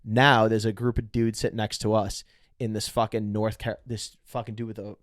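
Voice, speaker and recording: A man telling a bar story on a comedy podcast, animated and full of swearing, acting out other people's lines. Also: on the low side, moderate pace, no room sound, clean studio sound. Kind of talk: casual storytelling chat.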